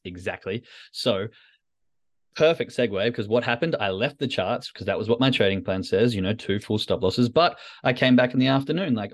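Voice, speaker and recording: A man's voice: fairly low pitch, normal speed. A man hosting a solo podcast, talking candidly and self-critically with frequent restarts. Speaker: podcast host, trader. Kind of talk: reflective solo podcast talk.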